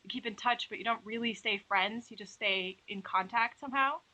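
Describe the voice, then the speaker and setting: A young woman from the Netherlands speaks as an interview guest, unhurried and reflective, filling pauses with little hesitations. Her voice is bright and clear in tone. The audio sounds slightly dull and lo-fi. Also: on the high side. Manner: relaxed, reflective, uses many fillers. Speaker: illustrator and animator guest. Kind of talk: interview conversation.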